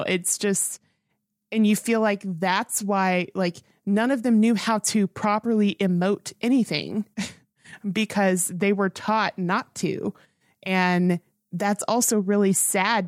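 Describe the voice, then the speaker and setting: A woman's voice: mid-range voice, dry recording, clean studio sound. A woman co-hosting a film review podcast, talking in an earnest, rambling way with many restarts. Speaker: podcast co-host. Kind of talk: casual film review chat.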